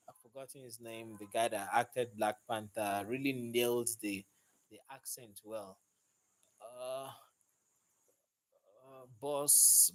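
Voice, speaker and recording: A man, a mechanic hosting a casual live stream, upbeat as he greets and thanks viewers, recorded on a phone he holds in his hand. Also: mid-range voice. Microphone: phone held in hand.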